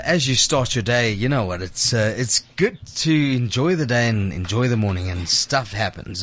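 A man's voice: medium pitch, a bit bright. A man hosting a radio show from the studio, teasing and theatrical in a casual chat. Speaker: radio host.

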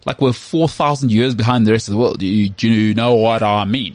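A man from South Africa with a South African accent, co-hosting a casual podcast chat in an animated, opinionated way. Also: on the low side, a little fast, no echo. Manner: animated, opinionated, repeats words when starting. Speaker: podcast co-host.

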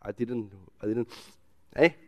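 A man with a South African English accent preaching a sermon in church, swinging from loud emphatic declarations to quiet personal storytelling. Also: mid-range voice, slow, no echo. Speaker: pastor.

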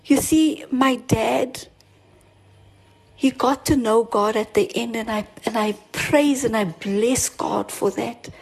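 A woman with a fairly high, slow, gravelly voice and a breathy edge preaches a sermon, sharing her own story in earnest and repeating herself to drive points home. She restarts often and builds to rising emphasis. The audio is poor.

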